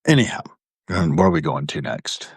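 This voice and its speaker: Gravelly, very deep sixty-something man. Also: sing-song, normal speed, no echo. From Virginia, US. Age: 60s. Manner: meandering, self-correcting. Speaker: host of a live video. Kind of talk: rambling personal storytelling. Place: indoor room in an old building.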